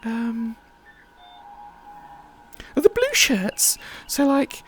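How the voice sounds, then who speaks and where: A woman's voice: fairly high pitch, sing-song, extremely slow, breathy edge, soft background music. A woman hosting a livestream, chatting in a rambling, casual way with many fillers. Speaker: livestream host.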